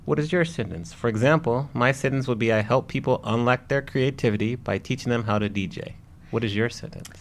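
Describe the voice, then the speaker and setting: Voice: medium pitch, brisk. A podcast host asking interview questions in an upbeat, loose way and laughing along with the guest. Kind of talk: casual interview.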